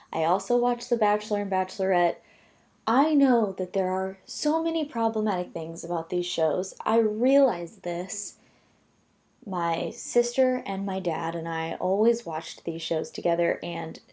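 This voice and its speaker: A young woman from the United States chatting casually to camera, self-deprecating and full of quick asides. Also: mid-range voice, darkish tone. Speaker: vlogger.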